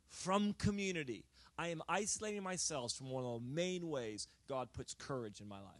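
A middle-aged male pastor preaching a sermon, telling a story with acted-out dialogue and building to loud, emphatic exhortation. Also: fairly high pitch, lively intonation, normal speed, hardly any pauses, dry recording.

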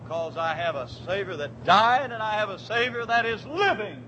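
Male preacher, high bright voice, fervent sermon, quiet to shouting, faint rumble behind. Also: expressive, normal speed, low-quality recording.

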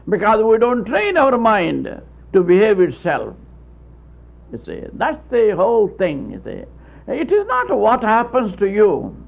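On a tinny old radio broadcast, a man preaches a sermon in an earnest, folksy manner, chuckling and tripping over his words. His voice sits high and sounds creaky.

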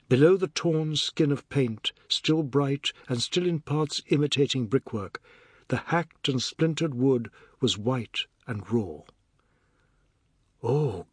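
A man reading a literary novel aloud as an audiobook narrator, measured and even. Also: medium pitch, breathy edge, no echo, clean studio sound.

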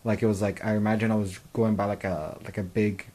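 A man's voice: lowish voice, flat delivery, fast talker, darkish tone, rough recording. A man in his twenties co-hosting a casual podcast, telling long rambling stories full of fillers and "like". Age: 20s. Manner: rambling storyteller, many fillers and "like". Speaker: podcast co-host.

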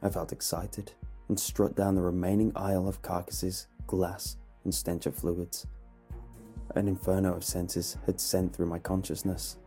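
A man narrating a horror story in a measured, dramatic way over a faint music bed. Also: low-pitched, flat delivery, mellow.

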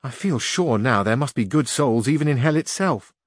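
A man's voice: medium pitch, animated, normal speed, no echo, clean studio sound, close to an everyday voice. A man voicing a blunt, earthy peasant squire who speaks in proverbs, with raised, boastful delivery.

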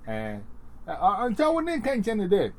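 Rambling man, lively voice. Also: high-pitched. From Ghana. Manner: rambling, halting, many fillers and restarts. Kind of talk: casual chat.

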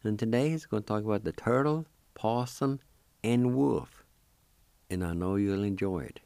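A male radio show host, introducing a story in a measured announcing style. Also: lowish voice, gravelly, dark tone, clean tone, dry recording.

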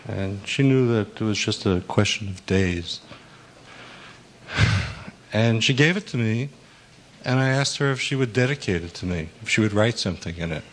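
A man telling a personal story to a group in a soft, hesitant way with many pauses. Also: on the low side, expressive, slight background noise. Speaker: workshop participant.

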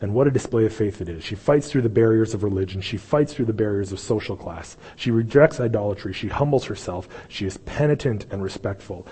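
Male pastor, impassioned sermon delivery, husky, long hall echo. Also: lowish voice, brisk, few pauses. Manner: impassioned, swings from loud pleading to hushed. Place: church sanctuary.

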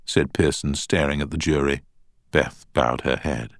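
A man narrating an audiobook in an even storytelling way. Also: very deep voice, unhurried, vocal fry, no room sound, studio quality. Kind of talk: scripted narration.

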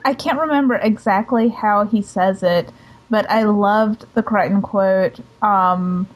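A woman's voice: medium pitch, a little slow, low-quality recording. A woman in casual podcast chat, playful and joking.

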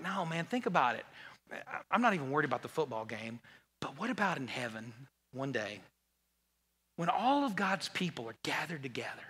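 A male pastor preaches in an easy, joking manner, stumbling over repeated words. His bright, tense voice swings widely in pitch and sinks low when he quotes Jesus. It rings out with the long reverb of a large church hall. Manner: conversational and joking, with many restarts and repeated words; drops low and quiet when quoting Jesus. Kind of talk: sermon.

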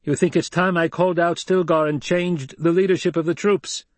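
A man's voice: high-pitched, lively intonation, moderate pace, no room sound, pitched above the performer's own voice. A man voicing a commanding young desert leader. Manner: raised, forceful, angry.

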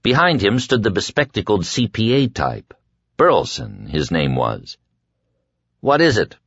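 Deep-voiced male audiobook narrator. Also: huge pitch swings, slightly rough, no room sound, lo-fi sound. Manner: measured storytelling, quietly voicing dialogue. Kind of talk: scripted narration.

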